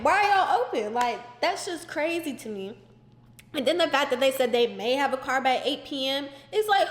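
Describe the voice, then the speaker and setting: A young woman telling an exasperated storytime in casual chat, animated and full of "like" fillers. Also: high-pitched. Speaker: vlogger. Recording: roomy echoey indoor recording.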